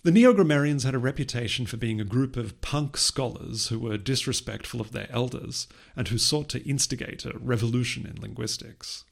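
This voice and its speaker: A man narrating a scripted educational episode in a measured lecturing manner with light humor. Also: mid-range voice, vocal fry. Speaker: podcast host explaining linguistics history.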